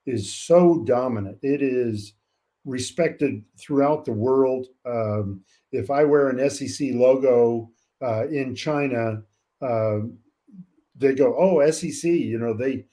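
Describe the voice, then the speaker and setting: An older man from California, a college track coach, talking in an interview with a measured, reflective manner and frequent pauses. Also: medium pitch, warm tone. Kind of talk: casual interview talk.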